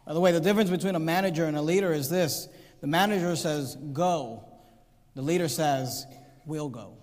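A man with a notably high voice preaches a sermon, reading scripture and driving his points with rising emphasis. His voice rings with the long reverb of a large hall. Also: brisk. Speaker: pastor.

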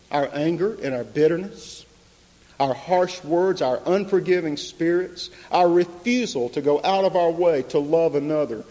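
A man preaching an impassioned sermon, building to loud emphatic peaks. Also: on the high side. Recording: long reverb of a large hall.

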